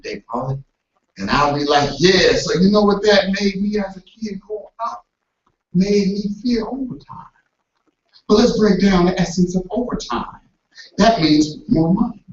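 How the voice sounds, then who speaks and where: Brief: high-pitched male preacher, animated, acts out voices and shouts, AAVE, recorded from afar in an echoey church hall with dull sound. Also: a little slow, recorded from a distance, slight background noise. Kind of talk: motivational sermon.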